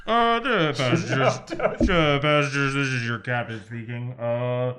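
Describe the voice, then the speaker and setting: A man playing a halting, flustered airline captain making cabin announcements in an improv scene. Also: mid-range voice, sharp tone, faint music behind, pitched below the performer's own voice.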